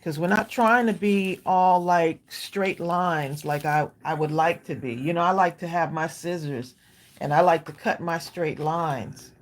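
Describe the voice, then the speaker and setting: A woman's voice: lowish voice, measured pace. Female host, chatty and easygoing, talking to viewers while she crafts. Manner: chatty, laughs often, talks to viewers as y'all. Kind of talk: casual livestream chat while crafting.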